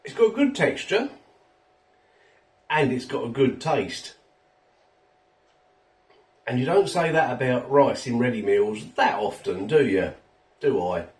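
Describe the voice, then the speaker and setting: A man's voice: mid-range voice, animated, a little slow, pauses often, reverberant, recorded from a distance. A man reviewing a ready meal at home, chatty and self-mocking, a little tipsy after a few drinks. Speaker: food reviewer. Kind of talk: casual food review vlog. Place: home kitchen.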